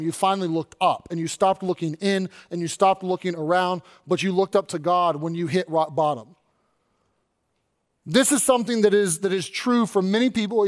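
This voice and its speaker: High-voiced man preaching a lively sermon. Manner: animated preaching, acting out quoted voices. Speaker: pastor.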